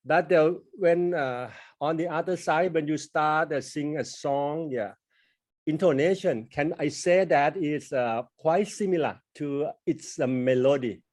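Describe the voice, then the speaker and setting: A man's voice: on the high side, unhurried, a little mellow. Hesitant Thai-native man asking a question. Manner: hesitant, many fillers and restarts while forming ideas. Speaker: student. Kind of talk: question in online class.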